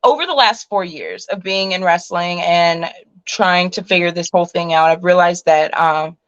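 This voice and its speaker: A woman's voice: on the low side, normal speed, smooth, dry recording, dull audio. A woman in her twenties, a pro wrestler, chatting bluntly in an interview and sounding tired. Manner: blunt, laughing, admits a temper. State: tired, yawning. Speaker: professional wrestler, guest. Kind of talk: casual interview chat.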